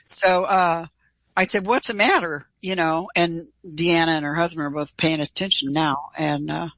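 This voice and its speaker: A middle-aged woman telling a personal story in an interview, animated and casual, acting out quoted dialogue. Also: low-pitched, normal speed, no echo, low-quality recording. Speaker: guest.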